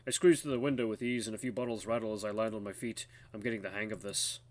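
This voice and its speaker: A man's voice: fairly low pitch, steady tone, fast talker. A man hosting a gaming channel, reading an interactive story game aloud in the first person and stopping to comment. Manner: first-person narration of the hero, breaks off to laugh and comment.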